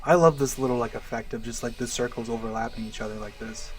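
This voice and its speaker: A man's voice: mid-range voice, steady tone, quick pace. A man casually commentating a game he is playing, chatty and laughing, with lots of "like". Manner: chatty, laughs a lot, many "like"s. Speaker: let's play commentator. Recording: faint game music behind.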